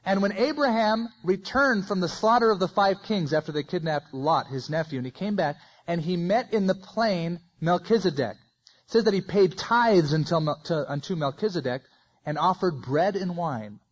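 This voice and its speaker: A man's voice: high voice, moderate pace, highs cut off. A man preaching a verse-by-verse sermon, reading scripture aloud with folksy asides.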